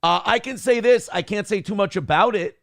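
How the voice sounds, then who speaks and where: Brash, gravelly-voiced male show host. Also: high voice, a little fast, a bit bright, no room sound, studio quality. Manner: brash, profane, boastful storytelling. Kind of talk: casual talk show rant.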